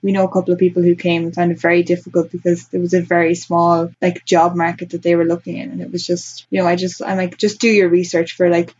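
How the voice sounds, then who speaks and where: A woman's voice: on the low side, monotone, fast talker, few pauses, darkish tone, husky, lo-fi sound. A young Irish woman chatting as a podcast guest, giving earnest, practical advice. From Ireland. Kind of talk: casual chat.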